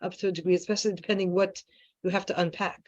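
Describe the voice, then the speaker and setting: A woman's voice: fairly low pitch, flat delivery, very fast, darkish tone. A woman hosting an interview, supportive and chatty, offering brief affirmations as she thinks aloud. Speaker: podcast host. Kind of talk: casual interview chat. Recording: dull lo-fi sound.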